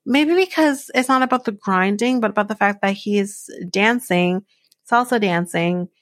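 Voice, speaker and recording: A woman's voice: mid-range voice, normal speed, no room sound, clean studio sound. Blunt, profane woman ranting. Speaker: podcast host recapping a reality show. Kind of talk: casual solo recap.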